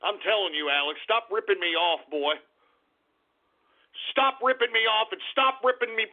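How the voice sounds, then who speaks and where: A man hosting a radio show, ranting loudly and profanely and often shouting. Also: sits high, lively intonation, normal speed. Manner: loud, profane, frequently shouting. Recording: phone-like lo-fi radio sound.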